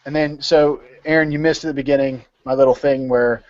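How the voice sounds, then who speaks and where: A man's voice: medium pitch, fairly even intonation, fairly quick, lo-fi sound. A man leading an informal study session over a video call, explaining step by step and repeating words as he thinks.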